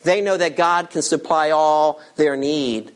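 A pastor preaching a sermon with emphatic delivery, swinging between loud bursts and hushed lines, with teasing asides to the congregation. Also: male voice, fairly high pitch, measured pace.

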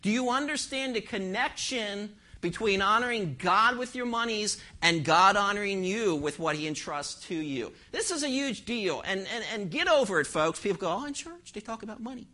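A man's voice: high-pitched, animated, normal speed, few pauses, sharp tone. A man, a pastor, preaching an emphatic sermon in church and firing rhetorical questions at his congregation. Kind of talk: expository sermon.

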